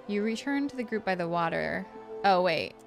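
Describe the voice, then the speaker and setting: A woman's voice: medium pitch, expressive, moderate pace, creaky. A woman streamer playing a role-playing game, reading its text aloud and chatting between passages. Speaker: gaming streamer. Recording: game music behind the voice. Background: game music.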